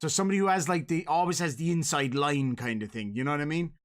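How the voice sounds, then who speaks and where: A man's voice: fairly high pitch, quick pace. A man with a Dublin Irish accent, trading jokes and slang in casual banter as co-host. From Ireland. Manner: animated, jokey, swears freely. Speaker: podcast co-host.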